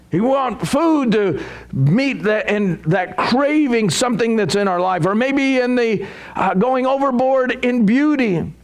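A man preaching a sermon as a pastor, animated and acting out quoted asides. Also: sits high.

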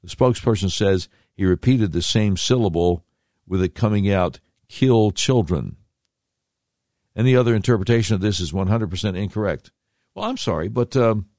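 A low-voiced man with a darkish tone hosts a podcast, running through the news with sarcastic, rambling commentary and slangy asides. The recording is dry and close, with no room echo.

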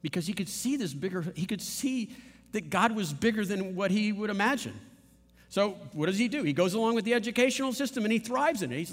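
A man's voice: high voice, animated, fairly quick, in a large hall. A man preaching a sermon as pastor, emphatic and repetitive, with playful asides.

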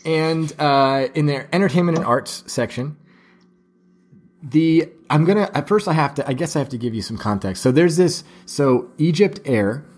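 A man's voice: fairly high pitch, expressive, moderate pace, a little mellow. A man hosting a casual podcast chat, rambling and restarting as he explains a news story to his co-hosts. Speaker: podcast host.

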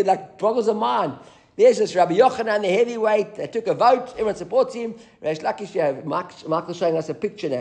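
A man teaching a live Talmud class, reading Aramaic passages and explaining them in English with animated asides. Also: high-pitched.

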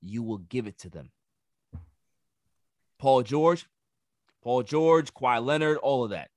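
A man's voice: mid-range voice, animated, slow pace, a little mellow, dry recording. A man hosting a sports podcast, ranting emphatically and repeating words as he builds each point. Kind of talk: casual sports talk.

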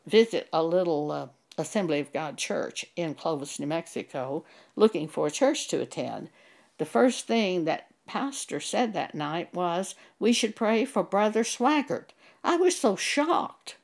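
A woman's voice: fairly low pitch, animated, unhurried, creaky. An older woman giving an earnest, emphatic Bible teaching, quoting scripture and telling of her own church experiences.

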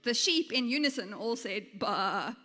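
A woman's voice: high voice, expressive, measured pace, bright, forceful tone, big-room sound. A woman teacher giving a playful storytelling sermon, laughing often and talking informally. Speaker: teacher and guest speaker.

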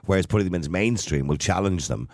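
A man hosts a radio phone-in from a dry, close studio mic. His voice sits low and moves quickly, with lively swings in pitch as he keeps cutting in to calm down arguing callers. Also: no echo. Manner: moderating, interjecting to calm callers. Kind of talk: live radio call-in debate.

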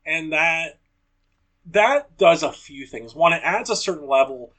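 Man, podcast co-host, fairly high voice, thoughtful and explanatory in casual chat. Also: expressive, measured pace, fairly bright tone. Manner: thoughtful, explanatory, with frequent agreeing fillers.

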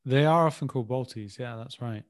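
Male guest from Birmingham, mid-pitched, halting but cheerful chat. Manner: hesitant, good-humoured guessing. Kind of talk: casual chat.

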